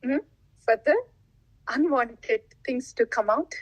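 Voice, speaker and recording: A woman's voice: a little high, no echo, low-quality recording. A woman giving a devotional talk as a spiritual teacher, laughing often and asking rhetorical questions. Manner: laughs often, acts out listeners' replies; unhurried, asks rhetorical questions.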